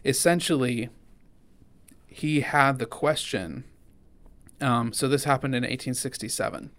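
A man co-hosting a faith and politics podcast, talking in an earnest, halting way with many restarts. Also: mid-range voice, a bit bright. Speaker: podcast co-host. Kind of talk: casual conversational podcast.

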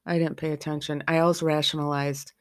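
A middle-aged woman speaking as a podcast host, blunt and candid about her own life. Her pitch stays flat and even across long stretches. The sound is close and dry, with no room around it. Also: a little fast, no echo. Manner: frank and candid. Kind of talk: candid personal podcast talk.

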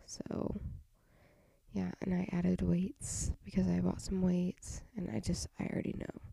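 A young adult from the US hosts a casual solo podcast, speaking a little slowly in a fairly low, mellow voice with vocal fry, a breathy edge and little pitch movement, with no echo. She's tired and half-whispering, rambling frankly with small sighs and laughs.

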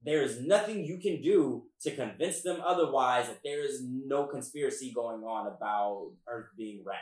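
A man's voice: mid-range voice, lively intonation, moderate pace, darkish tone. A man co-hosting a podcast in casual chat, rambling with emphatic restarts. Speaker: podcast co-host. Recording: roomy echo.

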